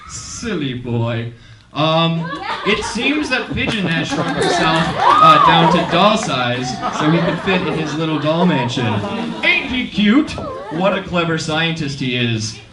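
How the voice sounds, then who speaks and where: A man's voice: on the high side, wildly swooping pitch, unhurried, over a noisy crowd, very noisy. A man hosting a live comedy show on a theater stage, playful and exaggerated, laughing often. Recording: roomy sound from far off, loud music.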